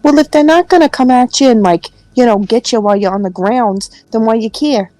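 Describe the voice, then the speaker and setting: A woman's voice: fairly high pitch, a little fast, warm tone, faint music behind. A woman at a tabletop game, teasing her friends and rambling with lots of fillers. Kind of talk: casual game table chat.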